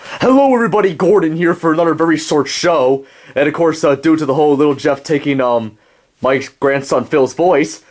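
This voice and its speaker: A man voicing an old grandfather puppet who rambles and jokes in a homemade puppet show. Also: a little high.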